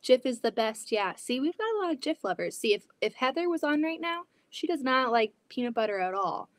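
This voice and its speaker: A woman's voice: high-pitched, sing-song, fairly quick, dry recording. A woman hosting a quilting livestream from her home basement, reading comments aloud in a chatty, giggly way full of restarts. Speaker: quilting channel host.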